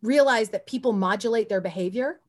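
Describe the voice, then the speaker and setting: A woman guest on an interview podcast, telling stories in an animated, rambling way with many asides and restarts. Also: medium pitch, fairly quick. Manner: often says "you know what I mean". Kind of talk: casual interview storytelling.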